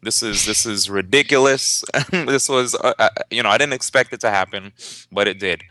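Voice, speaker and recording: A young man, a tournament organizer and commentator, casually telling a story in an interview, lively and laughing, with many fillers and restarts. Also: on the low side, moderate pace, no room sound.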